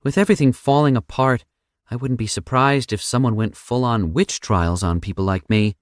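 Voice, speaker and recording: A man's voice: medium pitch, normal speed, dry recording, voice pushed up, close to an everyday voice. A blunt, sarcastic young woman from a survival audiobook, as a man puts her on. The voice sits well above his own range and teases freely. It is recorded close and dry, with no room sound. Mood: wry. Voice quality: teasing, blunt. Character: sarcastic anxious young woman, little sister. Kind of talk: audiobook character voice.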